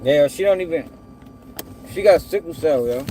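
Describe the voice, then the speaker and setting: A man's voice: on the high side, animated, moderate pace, warm tone, slight background noise. A man giving blunt, profane casual commentary on a news story, calling his viewers y'all and speaking. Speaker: commentator reacting to news clips.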